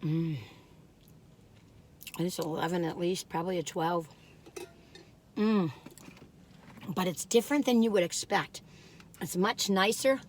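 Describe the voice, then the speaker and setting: An older woman hosting a casual cookie taste-test vlog, rambling in a folksy way and breaking into excited laughs and squeals. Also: lowish voice, unhurried, long pauses, slight background noise. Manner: folksy, rambling, warm-hearted chatter with "you all". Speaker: food vlogger.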